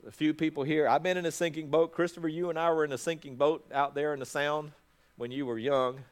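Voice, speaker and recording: A man's voice: on the high side, steady tone, a little fast, smooth. A middle-aged man, a pastor, preaching a sermon in a conversational way, often restarting his words.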